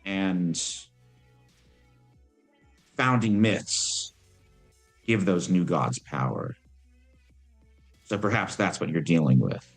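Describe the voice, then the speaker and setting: A man voicing Lilith, an ancient female demon who is calm and worldly, speaking in a measured, musing way. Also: deep voice, soft background music, exaggerated voice.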